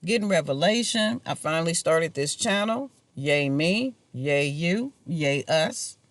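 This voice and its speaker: A man's voice: a little high, lively intonation, measured pace, fairly bright tone, dry recording. A man talking to camera in a rambling personal monologue, casual and musing, chuckling to himself now and then. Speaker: vlogger.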